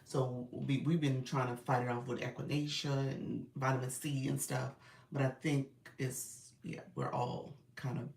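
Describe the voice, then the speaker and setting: A woman business coach hosting a casual livestream. She is under the weather and a bit raspy, and she greets viewers by name in an upbeat, encouraging way. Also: extremely low pitch, little pitch movement, unhurried, a little mellow, echoey room, far from the mic.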